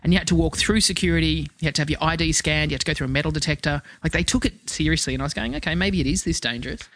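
An Australian woman telling a lively, sweary story as a podcast guest. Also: sits low, racing, no echo. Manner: swears freely, animated anecdote-telling. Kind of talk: casual chat, storytelling.

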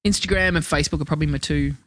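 A man's voice: a little high, very fast, fairly bright tone, no room sound. A man co-hosting a podcast in casual chat, laughing often and swearing freely. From Australia. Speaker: podcast co-host.

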